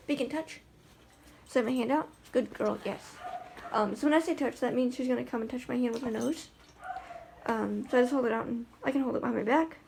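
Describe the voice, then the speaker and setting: A woman's voice: a little high, quick pace, gravelly, a little mellow, a little hiss or hum. A woman talking in a casual vlog about life with her guide dog, chatty and rambling with lots of fillers and restarts.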